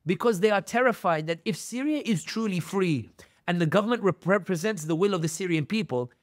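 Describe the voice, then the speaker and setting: A man with a raised, fairly high speaking voice talks as a podcast guest, close and dry on a studio mic. He tells his stories with strong feeling and slips into the voices of the people he quotes. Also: a little fast, no echo. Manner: animated storyteller, acts out quoted voices. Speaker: guest commentator. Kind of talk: podcast interview.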